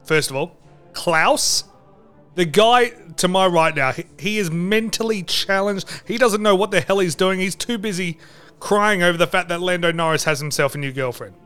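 High-voiced man ranting crudely. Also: moderate pace, fairly bright tone, clean tone, soft background music. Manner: crude, angry, mock-outraged ranting. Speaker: podcast host. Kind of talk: comedic rant podcast.

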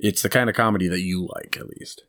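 A man's voice: sits low, steady tone, fast talker, fairly bright tone. A man co-hosting a podcast in casual chat, rambling through stories and laughing at his own jokes. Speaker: podcast co-host.

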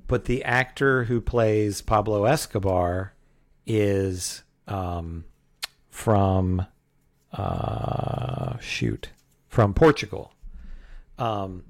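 A man's voice: on the low side, vocal fry. A man co-hosting a podcast, reviewing a film in casual chat, rambling and hesitant. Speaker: podcast co-host.

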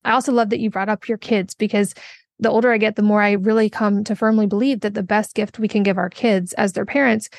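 A woman host on a podcast interview, thoughtful and fluent as she builds long, flowing questions. Her voice sits at a middle pitch and is recorded dry and close, with no room sound. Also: steady tone, fast talker, no echo.

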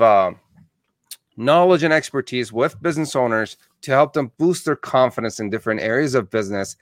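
A man's voice: mid-range voice, dry recording. Chatty Canadian man hosting, dry sound. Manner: friendly, chatty with filler "uh"s. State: morning voice. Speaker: interview host. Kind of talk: casual online interview.

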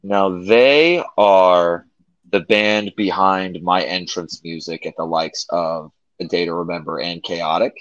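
A man with a very low voice joins a podcast as a wrestling guest. He keeps his answers short and measured. The sound is dry and slightly muffled, with little treble. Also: a bit bright, dry recording. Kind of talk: casual chat.

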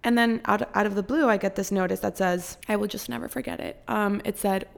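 A young woman with a medium-pitched, gravelly voice tells a rambling, casual storytime as a content creator. She talks fairly quickly with fairly even intonation and hardly pauses, chatty and packed with "like" fillers and frequent swearing.

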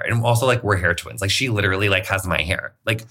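A man in his thirties telling a workplace story in casual podcast chat, animated and quick, full of "like", acting out quotes. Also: lowish voice. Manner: animated, fast, lots of "like", acts out quotes. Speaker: podcast guest.

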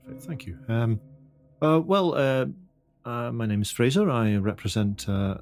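A man's voice: mid-range voice, a little slow, darkish tone, soft background music, voice pushed up, close to an everyday voice. A man playing a courteous, formal agent who represents a titled lady. He speaks politely and hesitantly, with many filler sounds.

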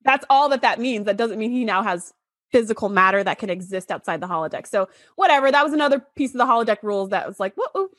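A woman's voice: on the high side, animated, fast, fairly bright tone, no echo, studio quality. A woman co-hosting a podcast, chatting casually and expressively, joking and laughing at her own jokes. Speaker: podcast co-host. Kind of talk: casual recap chat.

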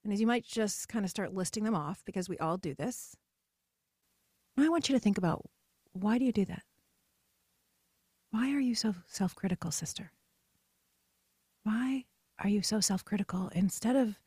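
A middle-aged woman hosting a podcast, talking in a chatty, animated way and acting out the voices she quotes. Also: medium pitch, moderate pace, long pauses, breathy edge, no room sound, clean studio sound. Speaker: podcast host. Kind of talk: casual solo podcast monologue.

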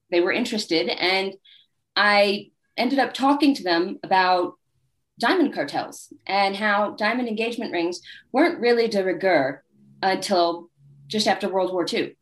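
A woman's voice: mid-range voice, measured pace. Wry, candid woman telling stories. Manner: candid, wry anecdotal storyteller; acts out quoted people in lively voices. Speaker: guest author. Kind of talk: casual interview storytelling.

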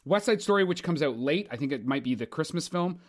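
A man co-hosting a casual podcast chat, animated and excitable, swearing freely as he talks. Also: on the high side, brisk. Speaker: podcast co-host.

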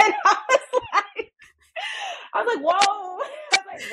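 A woman in her thirties from the United States, telling travel stories as a guest in a casual, animated interview and laughing often. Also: very high-pitched, a little slow, long pauses, rough recording. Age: 30s.

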